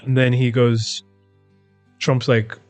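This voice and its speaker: A man's voice: mid-range voice, level tone, takes it slowly, darkish tone, dry recording, faint music behind. Chatty Irish man recounting with mimicry. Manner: chatty, retells events with quoted mimicry. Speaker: podcast co-host. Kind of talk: casual chat.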